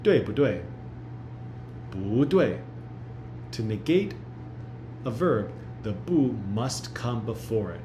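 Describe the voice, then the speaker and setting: A man teaching a recorded pre-class lesson, modelling each phrase slowly and repeating it for learners. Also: on the low side, animated, noisy background. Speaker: language teacher. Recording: roomy echo.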